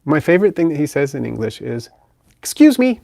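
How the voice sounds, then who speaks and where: Quick-paced and medium-pitched with vocal fry, this pet channel host chats easily through viewer comments on his livestream. Between them he coos gently to his pet bird, and there's no echo.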